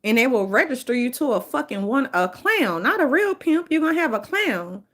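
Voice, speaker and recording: Brash woman host with a New Orleans accent and a high voice, swearing freely as she tells stories. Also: moderate pace. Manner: brash, profane, animated storytelling. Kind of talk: casual storytelling monologue.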